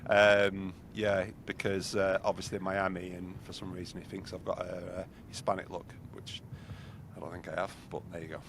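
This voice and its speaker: A man's voice: low-pitched, flat delivery, normal speed, gravelly, a bit bright, slight background noise. A man hosting a podcast in casual chat over a video call, rambling with lots of fillers. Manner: rambling, heavy on fillers like "you know". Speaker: podcast host.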